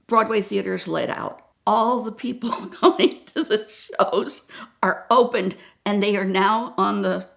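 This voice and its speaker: Gravelly older woman telling a dramatic story. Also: mid-range voice, takes it slowly. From New York area. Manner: dramatic, acts out voices, drops to whispers. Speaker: guest storyteller. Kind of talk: animated anecdote telling.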